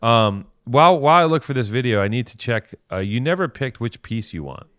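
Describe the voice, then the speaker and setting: A man's voice: medium pitch, expressive, fairly quick, a bit bright, smooth, no room sound. A man co-hosting a podcast in casual banter, talkative, teasing and profane, explaining things at length. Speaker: podcast co-host.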